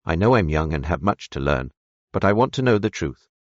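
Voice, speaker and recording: A man voicing a lonely, earnest young prince in an audiobook, speaking softly and hesitantly. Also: sits low, expressive, brisk, dry recording, dull audio. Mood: resolute. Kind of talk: audiobook character voice.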